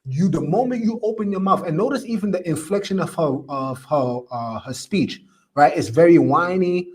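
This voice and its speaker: A man's voice: high-pitched, expressive, moderate pace. A man hosting a live stream, reading viewer comments and preaching his opinions with emphatic, repetitive stress.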